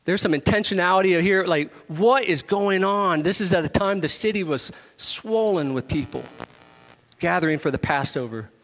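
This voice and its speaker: A man preaching a sermon, animated, pushing his voice up into emphatic questions and joking with the congregation. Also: high-pitched, normal speed, big-room sound. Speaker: pastor.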